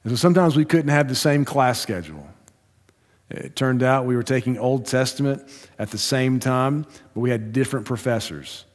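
A male Baptist pastor preaching a sermon in a measured storytelling way, slowing down for emphasis. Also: medium pitch. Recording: long hall reverb.

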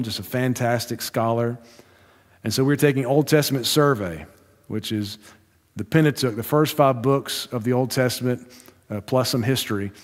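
A male Baptist pastor preaching a sermon in a measured storytelling way, slowing down for emphasis. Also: medium pitch. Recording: long hall reverb.

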